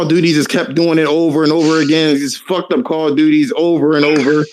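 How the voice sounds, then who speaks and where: A man's voice: on the high side, fairly quick, few pauses. A man hosting a casual podcast, ranting animatedly and cursing a lot. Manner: profane, animated ranting with laughs. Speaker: podcast host.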